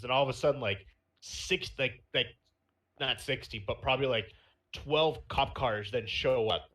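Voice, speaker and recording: Young male podcast host; bright, forward voice, loose chatty storytelling. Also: mid-range voice, unhurried. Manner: rambling storytelling with fillers and laughs. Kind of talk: casual chat.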